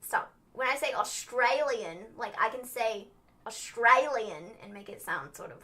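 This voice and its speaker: A woman's voice: mid-range voice, lively intonation, fairly quick, bright, forceful tone. A young woman co-hosting a casual livestream recap, giggling often and teasing, trailing off into fillers. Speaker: wrestling livestream co-host.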